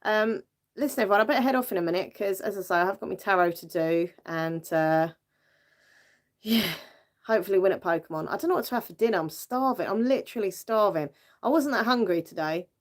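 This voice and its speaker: A woman's voice: mid-range voice, a little fast. A British woman hosting a casual livestream, chatting with viewers in a giggly way and using lots of fillers. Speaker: livestream host. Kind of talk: casual live chat with viewers.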